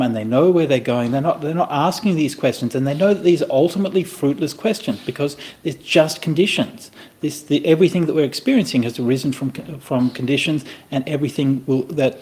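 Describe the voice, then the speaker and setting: A man teaching a Buddhist scripture to listeners in a conversational, animated way, often checking in with "right?" and making playful asides. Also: medium pitch. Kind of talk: dharma talk explaining a scripture.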